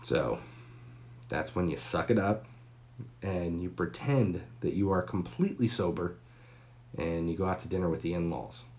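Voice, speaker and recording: A man in his forties hosting a live stream, telling a long, candid and profane story with pauses and fillers. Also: sits low, a little mellow.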